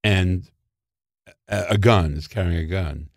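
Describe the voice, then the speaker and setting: A man telling show-business stories in casual conversation, animated and theatrical, acting out quotes. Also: deep voice, unhurried, no echo, clean studio sound. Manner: animated, theatrical storyteller who acts out quotes. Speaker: guest storyteller.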